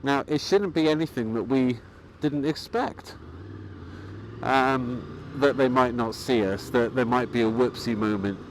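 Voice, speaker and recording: Calm rambling man, faint traffic. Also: medium pitch, a little slow, poor audio. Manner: calm, rambling, with frequent fillers and restarts. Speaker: motorcycling vlogger. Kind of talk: casual vlog monologue.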